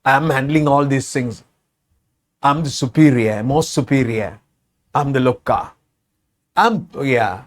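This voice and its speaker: Sri Lankan man teaching English. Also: mid-range voice. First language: Sinhala. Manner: explains by repeating phrases, slowing down for examples. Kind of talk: spoken English lesson.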